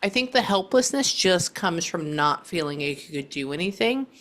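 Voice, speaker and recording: Bright-voiced woman giving a psychic reading. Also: fairly low pitch, expressive. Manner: halting, often pausing to listen. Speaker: psychic medium. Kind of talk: casual reading session.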